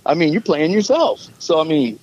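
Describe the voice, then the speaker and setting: Man, high voice, casual rambling storyteller, faint background noise. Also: very animated, moderate pace, a little mellow, lo-fi sound. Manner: rambling storyteller, acts out quotes. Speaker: musician and filmmaker. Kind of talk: casual chat.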